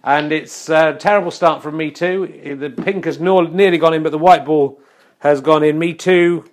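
A man with a fairly high voice delivers tongue-in-cheek snooker commentary. He keeps a mock-serious broadcaster's tone while slipping in dry, wry asides. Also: steady tone, measured pace. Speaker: comic mock sports commentator.

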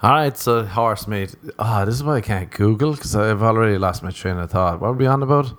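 A man's voice: on the low side, a little fast, a bit bright, dry recording. A man hosting a casual solo podcast, rambling, swearing and mocking himself, often laughing. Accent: non-American. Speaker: podcast host.

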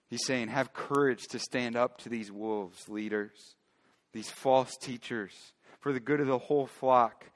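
A male pastor preaching a sermon emphatically, moving between loud declarations and quiet, hushed asides. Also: mid-range voice, fairly even intonation, unhurried, long reverb tail.

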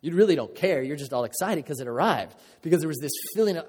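A man's voice: fairly high pitch, expressive, quick pace, hardly any pauses, darkish tone, husky. A male pastor giving an informal, joking sermon with sudden emphatic bursts, speaking in a church. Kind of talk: conversational sermon. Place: church sanctuary. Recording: long reverb of a large hall.

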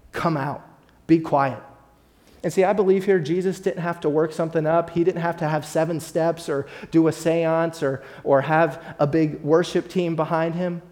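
A man's voice: a little high, darkish tone. A man as pastor, preaching a sermon and speaking directly to his congregation with rising emphasis.

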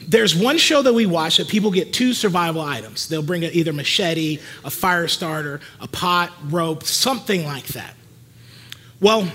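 A man's voice: sits high, a bit bright, slightly rough. A man preaching a sermon as pastor, talking in a casual, conversational way and asking the congregation questions.

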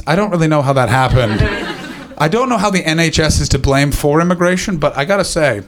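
A man's voice: medium pitch, a little hiss or hum. A man doing a stand-up set, rambling, swearing and riffing with the crowd. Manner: profane, rambling, riffs with the crowd. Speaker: stand-up comedian. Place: live comedy venue.

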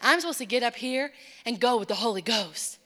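A woman delivers a sermon in a church, her voice pitched a little high and ringing bright. She swings between soft, near-whispered stretches and rising, emphatic declarations. A long reverb trails every phrase through the hall. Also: expressive, brisk. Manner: impassioned, swings from hushed to emphatic. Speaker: preacher. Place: church sanctuary.

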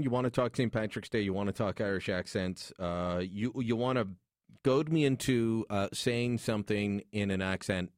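A man's voice: on the low side, no room sound. A man hosting a call-in radio show, joking and opinionated as he talks into a studio microphone. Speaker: radio talk show host.

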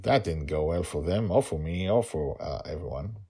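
A man's voice: extremely low pitch, lively intonation, brisk, hardly any pauses, mellow, husky. A man narrating a story and reflecting on it in an emotional, thoughtful way.

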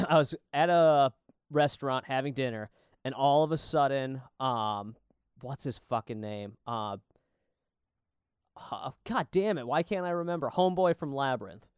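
A man's voice: medium pitch, measured pace, clean tone, no room sound, studio quality. A man co-hosting a podcast in casual chat, rambling and swearing often as he tells stories. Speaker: podcast co-host. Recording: lo-fi podcast audio.

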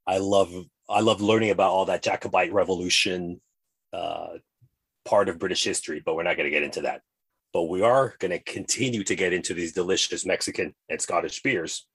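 A man with a deep, husky voice co-hosts a casual podcast. He rambles happily from one tangent to the next, playful and chatty. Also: a bit bright. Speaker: podcast co-host.

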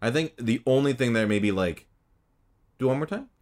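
A man's voice: medium pitch, lively intonation, normal speed, darkish tone. A man in casual conversation, asking questions and talking thoughtfully and playfully about accents. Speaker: interviewer. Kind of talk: casual chat.

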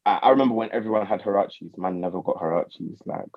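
A man's voice: lowish voice, fast talker, lo-fi sound. A young man, chatting and telling stories animatedly among friends. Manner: animated, laughing, slangy storytelling. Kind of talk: casual chat among friends.

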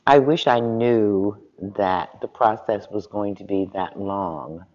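A man speaking on a panel, telling stories and giving advice in a relaxed, conversational way. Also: on the low side, long reverb tail, muffled recording. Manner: unhurried, conversational, chuckles while telling stories.

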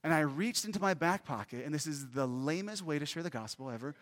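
Male preacher, earnest and animated, a touch high, reverberant sanctuary sound. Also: quick pace. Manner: earnest, animated storytelling with questions to the congregation. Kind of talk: sermon with personal story. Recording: long reverb of a large hall.

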